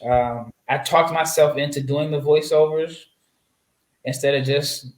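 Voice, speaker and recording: A man's voice: on the high side, steady tone, measured pace. A man from Nebraska, a guest draft analyst, telling a long story in casual interview chat with lots of fillers and restarts. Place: home setup, away from his usual mic. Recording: roomy echoey sound.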